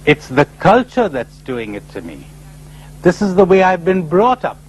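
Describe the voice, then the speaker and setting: A man giving a lively spiritual conference talk, full of rhetorical questions and acted-out voices, on an old tape recording. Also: high voice, normal speed, breathy edge, low-quality recording. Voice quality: animated, rhetorical, acting out imagined voices. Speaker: speaker at a spiritual retreat conference.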